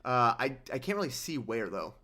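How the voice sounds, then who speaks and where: A man's voice: mid-range voice, big pitch swings, normal speed, bright, forceful tone. Young man chatting casually on livestream. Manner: rambling, sarcastic, reading chat aloud. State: injured hand. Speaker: livestream host.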